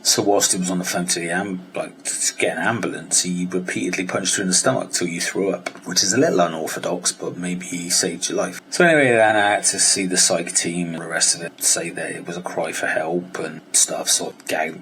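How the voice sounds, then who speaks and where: A man's voice: sits low, fairly quick, hardly any pauses, fairly bright tone, a little hiss or hum. A British man telling a personal story on his vlog, blunt and rambling, with frequent swearing. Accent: British English. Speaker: diet vlogger and coach. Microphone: handheld vlogging camera.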